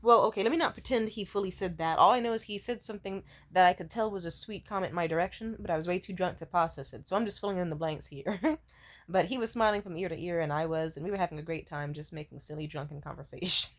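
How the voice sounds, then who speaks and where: A woman's voice: on the low side, fast talker. A hungover young woman telling a rambling, swear-filled story to camera, laughing often. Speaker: vlogger. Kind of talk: casual storytime rant.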